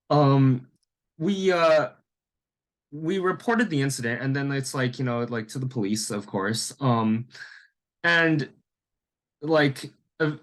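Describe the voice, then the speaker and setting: A young man from Canada telling a personal story in a casual, rambling way, full of fillers. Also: medium pitch. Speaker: vlogger.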